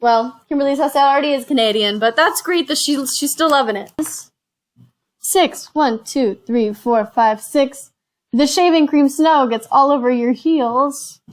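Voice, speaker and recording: A woman with a slightly high voice hosts a casual board game session. She reads out each card, counts the spaces aloud and drops in chatty asides between rolls. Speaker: host.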